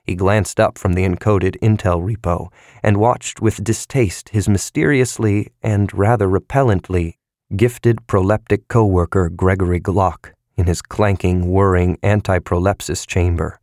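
A man reading a novel aloud as narrator, in a measured, even storytelling manner. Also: sits low, no echo, clean studio sound. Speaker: audiobook narrator. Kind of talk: scripted narration.

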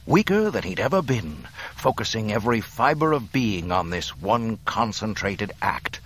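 Deep, expressive audiobook narrator. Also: male voice, normal speed, slight background noise, poor audio. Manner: expressive, varied delivery.

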